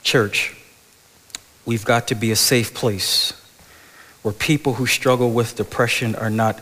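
A middle-aged male pastor preaching a sermon, moving between loud animated stretches and soft, hushed passages, in a church sanctuary. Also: medium pitch. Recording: large hall with long reverb.

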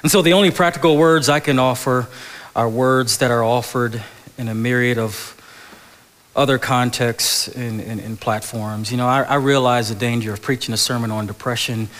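A middle-aged male pastor preaching a sermon, moving between loud animated stretches and soft, hushed passages, in a church sanctuary. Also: mid-range voice, normal speed. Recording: large hall with long reverb.

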